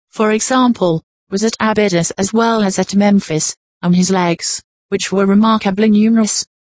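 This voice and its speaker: A woman's voice: mid-range voice, darkish tone, no room sound. Woman reading old prose, dry sound. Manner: measured, formal reading. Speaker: audiobook reader. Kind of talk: scripted narration of an old nonfiction text.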